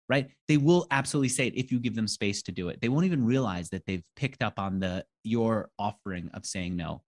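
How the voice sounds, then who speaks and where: A man in his forties, a podcast guest, talking casually and acting out quoted dialogue with lively storytelling. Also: on the low side. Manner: animated, acts out quoted dialogue, tells stories fast. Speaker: podcast guest, interviewer and author. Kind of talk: casual conversation.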